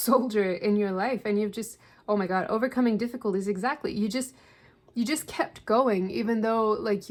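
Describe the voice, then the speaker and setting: Woman, tarot reader, casual and reassuring, talks with many "like"s, slightly out of breath. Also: mid-range voice. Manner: chatty, reassuring, with filler "like". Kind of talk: casual spiritual tarot reading.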